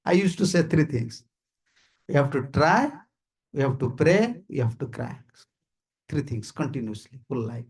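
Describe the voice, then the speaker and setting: A man's voice: mid-range voice, lively intonation, measured pace, a little mellow. A man with an Indian accent giving an informal sermon at a house gathering, repeating his points emphatically and checking that listeners understand. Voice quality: gravelly and husky. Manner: repetitive, emphatic, asks listeners "you understand?", chuckles often. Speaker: visiting swami giving a talk. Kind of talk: informal sermon to a small group.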